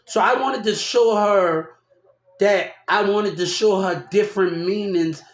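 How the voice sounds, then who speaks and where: Man, high voice, loud rambling storyteller, echoey room, casual vlog. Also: a little slow. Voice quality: loud, animated, laughs often while talking. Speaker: vlogger telling a personal story.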